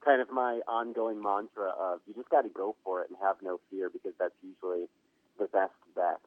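A man on a casual podcast, relaxed and laughing easily, telling a story. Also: low-pitched, brisk, dry recording. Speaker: podcast co-host. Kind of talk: casual chat. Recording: dry, tinny phone-like line.

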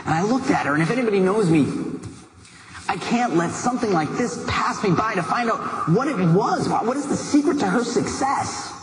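A man giving a motivational talk, telling a personal story in a lively, conversational way with asides to the listener. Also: high voice, normal speed, over music. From United States. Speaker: motivational speaker. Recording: echoey hall with background noise.

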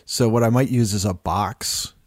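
A man on a podcast, speaking with slow deadpan humor. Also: lowish voice, no room sound, studio quality. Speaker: podcast guest.

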